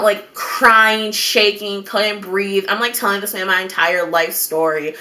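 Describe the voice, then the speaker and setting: A young woman vlogger telling a dramatic story in an animated, over-the-top way, swearing now and then. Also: medium pitch, unhurried. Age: young adult.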